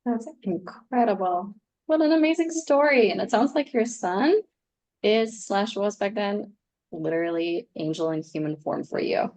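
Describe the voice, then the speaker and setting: A woman co-hosting a conversational interview, affirming the guest's story and encouraging him to go on. Her voice sits at an ordinary pitch for a woman. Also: animated, normal speed, darkish tone. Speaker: co-host.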